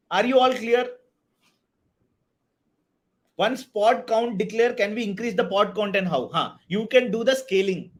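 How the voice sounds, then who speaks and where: A man teaching a live online DevOps class, energetic, often checking if everyone is clear. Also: high voice. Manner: energetic, repeats "are you all clear" and "right"; hypes up the chat and counts down to a target. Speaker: DevOps instructor.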